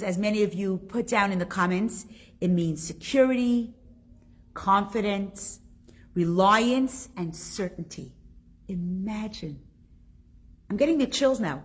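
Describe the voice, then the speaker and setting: Animated woman teaching with a breathy voice. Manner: animated and emotional, shifting between high excitement and near-whispers. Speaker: teacher leading an online Torah class. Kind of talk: live-streamed religious class, reading comments.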